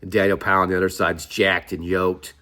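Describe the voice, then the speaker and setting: A man's voice: deep voice, level tone, fairly quick, pushed and bright. A middle-aged man, talking casually to camera in a rambling, chatty way with lots of asides. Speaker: vlogger. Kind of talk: casual chat.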